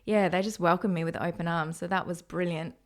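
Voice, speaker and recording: This Australian guest on a laid-back podcast is in her thirties and speaks fairly quickly in a lowish, steady voice. She's open and candid, breaks into laughter often, and performs the voices of anyone she quotes.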